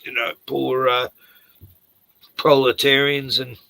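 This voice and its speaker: Gravelly aussie bloke joking around on a stream, bright edgy voice, dry close sound. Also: male voice, medium pitch, level tone, slow pace, no room sound. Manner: crude, joking, swears freely. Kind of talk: casual chat. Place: home at night, door open to yard.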